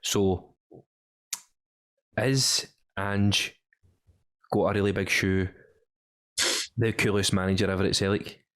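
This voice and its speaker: A Scottish man co-hosting a podcast, chatting casually about football in a slangy, excitable way, calling people mate. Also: sits low, slow, long pauses. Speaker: podcast co-host.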